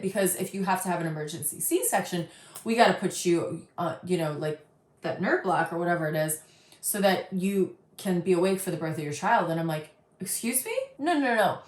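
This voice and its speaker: A woman's voice: on the low side, roomy sound. A woman in her thirties giving casual reaction commentary, blunt and sarcastic, swearing freely and telling personal stories. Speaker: reaction video host.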